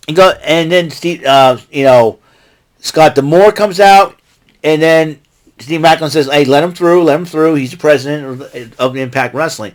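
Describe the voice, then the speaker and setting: An American man hosting his own vlog, giving an excitable, rambling recap full of asides and restarts. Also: fairly high pitch. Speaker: vlog host recapping wrestling.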